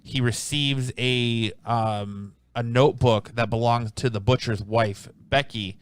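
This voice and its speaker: A man hosting a laid-back comic review chat, his voice smooth and resonant in a dry, close space. He rambles through each summary, doubling back and filling pauses with ums. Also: mid-range voice, fairly even intonation, no echo. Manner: rambling, restarts often, many ums. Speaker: comic book reviewer, podcast host.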